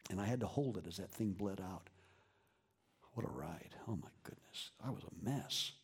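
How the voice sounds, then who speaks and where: Husky-voiced man preaching, swinging to whispers. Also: sits low, normal speed. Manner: animated preaching, dropping to hushed whispers. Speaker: pastor. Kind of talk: sermon. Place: church.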